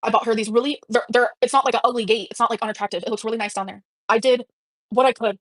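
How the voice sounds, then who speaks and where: A young woman live streaming, talking fast and emotionally, swearing, with lots of fillers and restarts. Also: a little high, fairly even intonation, no echo.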